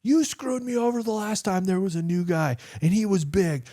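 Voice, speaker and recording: A man voicing an angry male army sergeant who shouts and swears as he argues. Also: high-pitched, moderate pace, pitched above the performer's own voice, lightly acted. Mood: angry shouting. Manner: yelling, profane, arguing.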